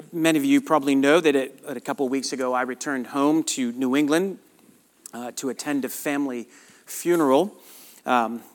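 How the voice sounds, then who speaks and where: A middle-aged man with a Southern US accent, a pastor preaching a sermon, earnest and hushed in prayer, then lively and emphatic. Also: fairly high pitch.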